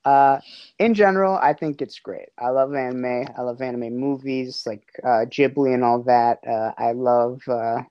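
Young woman, podcast host, extremely low voice, dry room, chatty and wandering. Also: moderate pace, no echo, dull audio. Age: young adult. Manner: rambling, self-interrupting. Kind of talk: casual chat.

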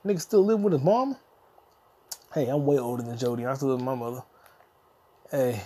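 A man's voice: medium pitch, vocal fry, mellow. A young adult man hosting a podcast, delivering a profane, insulting solo comedy rant that mock-lectures the listener. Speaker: podcast host.

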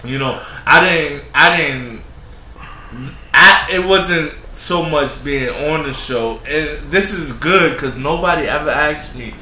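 A man with a bright, clear tone talks casually on his podcast, stopping and repeating words as he searches for what to say. He sounds like he is in a roomy space with faint ambience behind him. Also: fairly high pitch, a little hiss or hum. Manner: halting, repeats words while searching for them. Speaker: podcast host. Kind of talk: casual chat.

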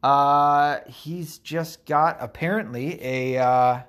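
A man's voice: a little high, fairly even intonation, slow, a bit bright, smooth. Profane, sarcastic man ranting. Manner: profane, sarcastic, rambling with many fillers. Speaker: political commentator. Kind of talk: casual ranting commentary.

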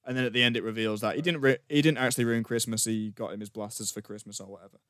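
Guy on a podcast, smooth clear voice, dry close mic, rambly and sarcastic. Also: lowish voice, steady tone, very fast, fairly bright tone, dry recording. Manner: rambling, sardonic film griping. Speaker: podcast co-host. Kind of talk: casual chat.

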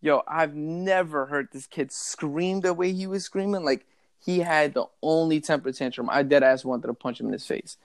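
A man with a slightly high, gravelly voice, chatting casually on a podcast. He tells stories about his son and swears freely. The recording is dry and close to the mic. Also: normal speed, no room sound. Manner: animated storytelling, heavy swearing. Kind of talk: casual chat.

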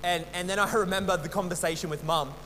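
High-voiced pastor, halting sermon. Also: male voice, steady tone, sharp tone. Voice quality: halting, many restarts and repeated words. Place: church hall. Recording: long church reverb, faint hum.

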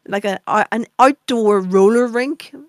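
A woman's voice: on the high side, measured pace. An Irish woman, a musician guest on a radio show, chatting playfully and rambling with frequent laughter. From Ireland. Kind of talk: casual radio chat.

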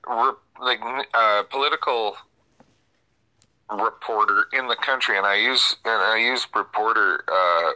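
Casting: male talk radio host, lowish voice, very bright tone, halting and opinionated. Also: low-quality recording. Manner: halting, many restarts and fillers.

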